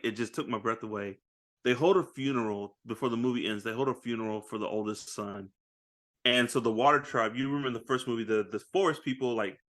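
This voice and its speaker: A man co-hosting a podcast tells a movie story in a loose, chatty way. He acts out the characters' lines, laughs often, and talks at a middle pitch. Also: fairly bright tone. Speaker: podcast co-host. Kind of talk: casual chat recapping a movie.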